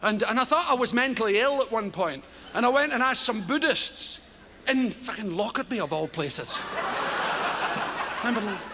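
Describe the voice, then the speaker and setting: A Scottish stand-up comedian telling rambling, profane stories with frequent chuckles. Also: male voice, very high-pitched, animated, normal speed. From Scotland. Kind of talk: stand-up routine. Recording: heavy background noise.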